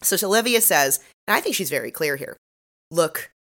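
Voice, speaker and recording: A woman co-hosting a podcast, recapping a TV episode in giggly, animated casual chat. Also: on the low side, fast talker. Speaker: podcast co-host.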